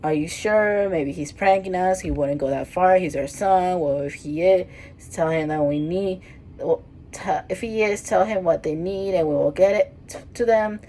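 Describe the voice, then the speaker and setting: A woman's voice: on the low side, normal speed, dark tone, natural voice. A woman reading a worried middle-aged mother, anxious, pleading, faint hiss.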